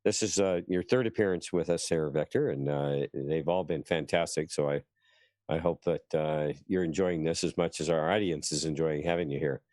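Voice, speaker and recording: A man's voice: a bass voice, moderate pace, a little mellow, no echo, clean studio sound. A man hosting a live online show, reading out viewer comments in a hesitant way, with many uhs. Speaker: host.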